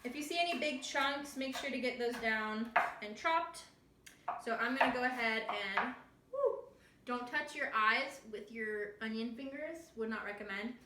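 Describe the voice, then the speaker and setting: Hosting a casual library cooking tutorial from a home kitchen, a young woman speaks at a moderate pace in a voice on the high side. The sound is roomy with a noisy background, and she's chatty and self-deprecating, joking about her mishaps.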